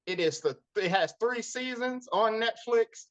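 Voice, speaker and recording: A man co-hosting a casual movie podcast, animated and often laughing. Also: sits high, measured pace. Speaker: podcast co-host. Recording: dull lo-fi podcast audio.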